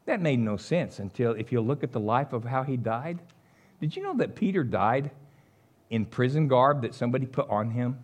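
Animated preacher man. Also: mid-range voice, moderate pace. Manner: animated storytelling with chuckles. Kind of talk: sermon.

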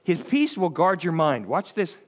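A man's voice: a little high, measured pace. A middle-aged man preaching a conversational sermon, telling stories with lots of acted-out voices and chuckles. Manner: animated storytelling, acts out quoted voices, chuckles often.

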